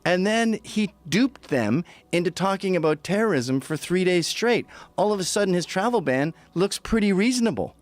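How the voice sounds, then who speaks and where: A man's voice: high voice, animated, normal speed, hardly any pauses. A man giving blunt, profane, sardonic commentary in casual chat. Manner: blunt, sardonic, mimics other people's voices.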